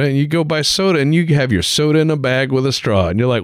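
A man hosting a casual podcast chat, rambling and profane, telling animated stories. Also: mid-range voice, fast, clear, resonant tone, no echo, studio quality. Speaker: podcast host.

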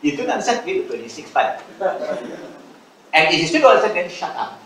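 A man's voice: high voice, wildly swooping pitch, quick pace, a bit bright, a little hiss or hum. Blunt male pastor in an echoing hall. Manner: blunt, teasing, laughs often. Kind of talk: sermon. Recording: echoey hall, mic at a distance.

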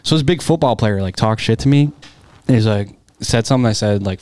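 A man in his thirties chatting casually with friends, telling stories with animated quoting. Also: on the low side, a little fast. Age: 30s. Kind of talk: casual chat.

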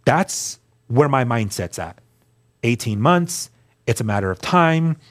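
A man's voice: mid-range voice, animated, measured pace. A man as a guest, telling his personal story in an earnest, candid way, often restarting and repeating words. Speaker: guest sharing his testimony.

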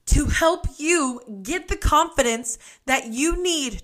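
A woman's voice: sits high, slow pace, few pauses, fairly bright tone. A woman hosting a podcast, giving a blunt, emphatic motivational monologue and swearing freely. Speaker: podcast host.

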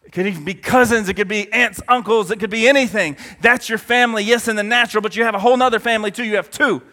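A man's voice: sits high, steady tone, fast talker, bright, forceful tone, long reverb tail. A man preaching a sermon to his congregation, emphatic and full of rhetorical questions.

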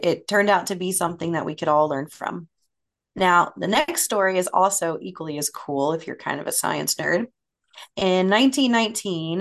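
A woman hosting a podcast, telling stories in a relaxed, chatty way with frequent fillers. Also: lowish voice. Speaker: podcast host. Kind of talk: casual podcast storytelling.

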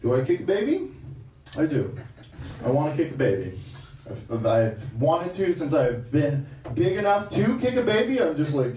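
A man's voice: sing-song, moderate pace, roomy sound, distant mic, a little hiss or hum, poor audio. A man doing a stand-up comedy set, brash and crude in his delivery. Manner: brash, crude, loud swings in pitch.

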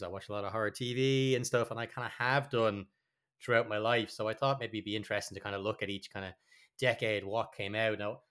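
A man's voice: on the low side, fairly bright tone. A man, co-hosting a podcast in casual chat, rambling and swearing freely with many restarts. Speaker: podcast co-host.

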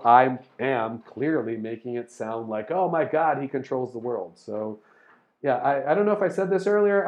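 A man hosting a casual explanatory monologue, rambling through ideas, spelling out words and filling pauses with ums and restarts. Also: medium pitch. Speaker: host explaining topics to listeners.

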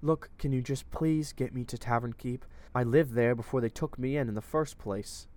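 A man voicing a wounded, frightened young captive woman with a low, somewhat manly voice, who pleads and stammers. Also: expressive, a little slow, close to an everyday voice. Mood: pleading.

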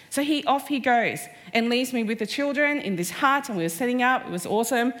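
A woman in her forties giving a personal storytelling talk to a live audience, lively, acting out the voices of people in her stories. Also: on the high side, brisk, hardly any pauses. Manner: animated, acts out quoted voices. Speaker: speaker at a live event. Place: stage before a live audience.

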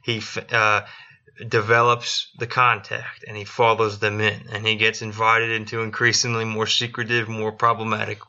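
A man's voice: on the low side, completely flat delivery, moderate pace, sharp tone. A man telling a history story on a casual podcast, swearing often and acting out quotes. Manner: profane, joking, acts out quotes. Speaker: podcast co-host. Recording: dull lo-fi recording.

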